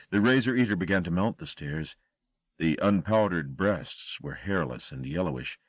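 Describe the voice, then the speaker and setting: Deep-voiced man narrating horror. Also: normal speed, creaky, no room sound. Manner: dramatic, expressive reading. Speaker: audiobook narrator.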